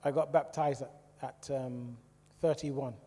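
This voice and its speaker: A middle-aged man with a British English accent giving a personal testimony talk in a church, telling his story in a lively way and asking the audience questions. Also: medium pitch, a little slow. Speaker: church speaker. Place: church hall. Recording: echoey church hall reverb.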